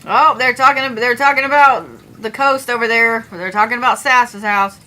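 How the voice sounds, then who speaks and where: Grumbling bright-voiced woman streamer. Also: on the high side, steady tone, moderate pace, poor audio. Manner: grumbling, profane, drifts between loud and mumbled. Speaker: astrology streamer. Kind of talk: casual livestream chat.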